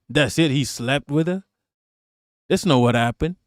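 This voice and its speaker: A man's voice: mid-range voice, lively intonation, normal speed, no echo, studio quality. Profane sarcastic man on a live stream. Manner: profane, sarcastic, talks to chat. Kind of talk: casual live-stream commentary.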